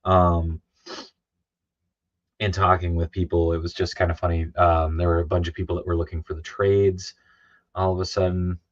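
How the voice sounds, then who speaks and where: A man's voice: low voice, level tone, moderate pace, long pauses, dry recording. A tired man chatting casually on a livestream, rambling with many fillers and restarts and reading chat messages aloud. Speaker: comic artist streaming live. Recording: dry, dull lo-fi sound.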